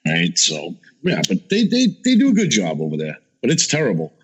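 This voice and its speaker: A man chatting casually as a guest, telling lively stories, acting out quotes and swearing freely. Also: lowish voice, fairly quick, breathy edge. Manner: animated storyteller, acts out quotes, swears. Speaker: guest, chef. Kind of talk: casual chat.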